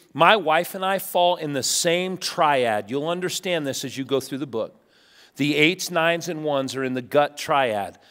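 Middle-aged male pastor, high-pitched and animated, sermon in a church with long reverb. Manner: animated storytelling, acts out quotes. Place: church sanctuary.

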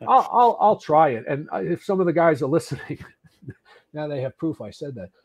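A man in his early sixties from the United States, a podcast guest telling firefighting stories casually, animated and swearing, with frequent restarts. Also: fairly high pitch, moderate pace, gravelly. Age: 60s. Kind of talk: casual storytelling.

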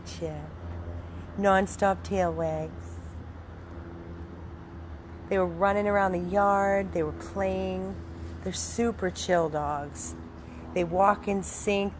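Brief: woman rescue volunteer, low-pitched and gushing, affectionate casual talk, recorded outdoors with clear background noise. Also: steady tone, slow pace, long pauses. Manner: gushing, affectionate, switches into high baby talk for the dogs. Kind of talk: casual video narration with pet talk.

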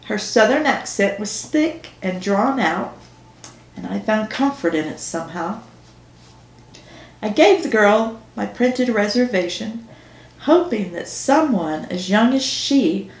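A woman author reading her own novel aloud in first person, slow and measured. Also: mid-range voice, animated. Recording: echoey room.

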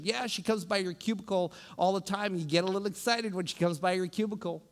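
A man preaching a sermon as pastor, animated and often restarting his sentences. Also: high-pitched, quick pace, in a large hall. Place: church sanctuary.

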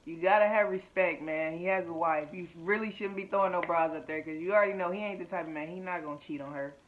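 A man's voice: high voice, fast. A man hosting a video reaction channel, talking in a laid-back, slangy, upbeat way to his viewers. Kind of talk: casual reaction commentary. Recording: tinny phone-like mic, faint hiss.

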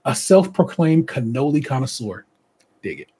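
Husky-voiced man hosting a podcast. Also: mid-range voice, sing-song, moderate pace, dark tone. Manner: reads contestant bios with chatty asides and laughs. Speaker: podcast host. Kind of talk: casual podcast chat.

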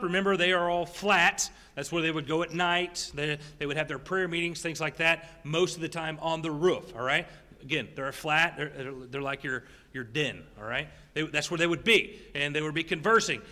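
A man pastor preaching a sermon in a church, animated and jokey, with quick asides to the congregation. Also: on the high side. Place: church sanctuary. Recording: long church hall reverb.

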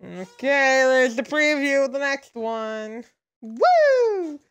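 A woman's voice: high voice, steady tone, slow, a bit bright, smooth. A young woman giving gameplay commentary, exasperated and swearing at the screen. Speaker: gaming video creator. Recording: voice over game audio with music. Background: game music.

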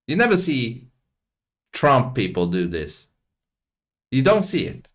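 A man's voice: medium pitch, wildly swooping pitch, slow. A man hosting a reaction video, commenting casually in a profane, mocking way and laughing often.

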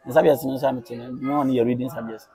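A man in his thirties from Ghana, a teacher answering interview questions in a calm, reflective way, mixing local language with English. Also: mid-range voice, fast, low-quality recording. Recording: crowd noise behind.

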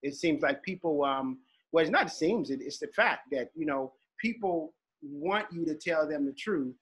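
A man's voice: fairly high pitch, lively intonation, moderate pace, fairly bright tone, husky. A male podcast host who asks earnest, hesitant questions with many ums. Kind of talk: interview questions and praise.

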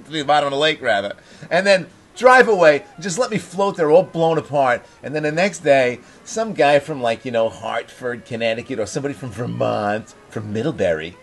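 A man co-hosting a casual comedic podcast chat, laughing often and telling stories with animated energy. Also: mid-range voice. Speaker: podcast co-host.

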